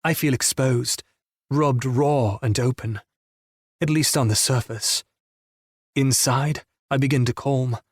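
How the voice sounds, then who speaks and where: Husky male audiobook narrator. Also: mid-range voice, takes it slowly, long pauses, dry recording, clean studio sound. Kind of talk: first-person romance audiobook narration.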